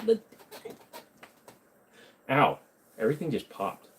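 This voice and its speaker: A man's voice: a little high, big pitch swings, normal speed, gravelly, a bit bright. A man hosting a casual livestream Q&A, reading chat questions aloud, joking and rambling, correcting himself as he goes. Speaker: host.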